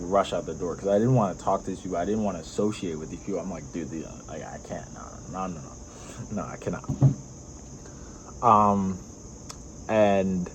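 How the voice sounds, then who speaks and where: A man's voice: fairly low pitch, darkish tone, slight background noise, rough recording. A young man vlogging, telling a personal story in a rambling way, full of fillers and laughs.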